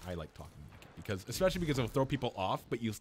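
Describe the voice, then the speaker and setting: A young man streaming a video game, rambling chattily with lots of fillers and restarts, and breaking into excited high yelps when something happens in play. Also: very fast. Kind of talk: live gameplay commentary. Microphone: headset-style desk mic, headphones off. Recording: noisy game stream audio.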